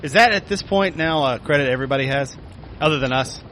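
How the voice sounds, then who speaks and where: A man's voice: fairly high pitch, fast, a bit bright, slight background noise, low-quality recording. A man co-hosting a podcast, bantering casually with friends and laughing often. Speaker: podcast co-host.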